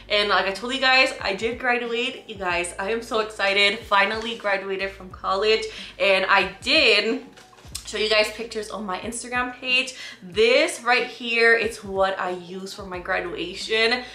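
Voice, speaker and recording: A bright, clear-voiced young woman from Puerto Rico chats her way through a haul, keeping her viewers in the conversation. Her talk is easy and casual. The room around her rings with a noticeable echo. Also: medium pitch. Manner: chatty, keeps addressing viewers as "you guys". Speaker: vlogger. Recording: echoey room.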